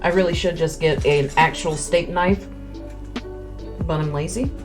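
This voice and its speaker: Woman streamer, low-ish register, candid eating-stream chat, chewing audible, close mic. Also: fairly even intonation, a little slow. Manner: chewing between words, candid and rambling. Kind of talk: casual chat while eating. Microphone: close desk mic. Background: faint music.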